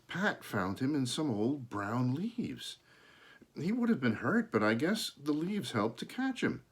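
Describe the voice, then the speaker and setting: An eager little boy in a storybook, talking fast and tripping over his words in an excited, sing-song voice that swoops up and down, as a man reads him out. the pitch sits a bit higher than a grown man's usual. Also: husky, exaggerated voice.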